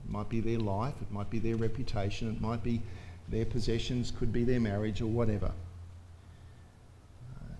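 A man's voice: on the low side, flat delivery, moderate pace, warm tone, slight background noise. Emphatic preacher man. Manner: emphatic, with rhetorical questions to the congregation. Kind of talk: sermon.

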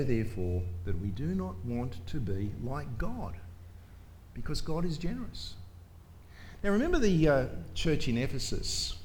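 A man with a mellow, medium-pitched voice preaches a sermon in a church, over slight background noise. He is emphatic and fires rhetorical questions at his congregation.

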